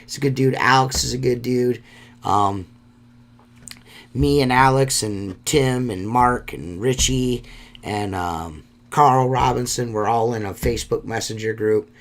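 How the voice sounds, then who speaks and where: A man's voice: mid-range voice, a little slow. A man hosting a solo podcast, talking in a rambling, heartfelt way and swearing often. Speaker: podcast host.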